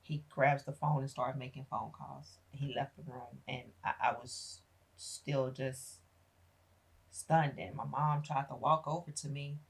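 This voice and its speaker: A low-voiced woman with a husky grain tells her life story as a podcast guest. She is middle-aged, talks with feeling and slips into the voices of the people in her tale. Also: unhurried. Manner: animated retelling, acting out family members' voices. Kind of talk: emotional personal storytelling.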